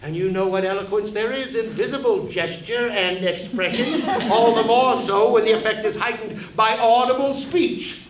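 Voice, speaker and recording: A man's voice: high voice, normal speed, hardly any pauses, natural voice. A man on stage playing a taunting, gleeful male conscience spirit in a one-man play, recorded from a distance in a roomy hall. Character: mocking impish male conscience, a dwarf-sized spirit. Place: theater stage before an audience. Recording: roomy hall, distant mic, faint hiss.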